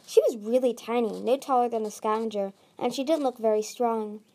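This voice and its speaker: A woman reading a fantasy novel aloud, slowly and haltingly, with frequent restarts. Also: a little high, warm tone. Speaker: audiobook reader. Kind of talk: amateur audiobook narration.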